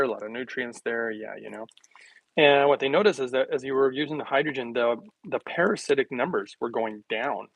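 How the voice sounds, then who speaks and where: A man chats loosely to his viewers from his kitchen, trailing off, circling back and laughing at his own jokes. His voice sits at an ordinary middle pitch and is recorded dry and close, with no room echo. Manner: rambling, joking, laughs often, talks to viewers. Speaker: health livestream host. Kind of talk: casual livestream chat.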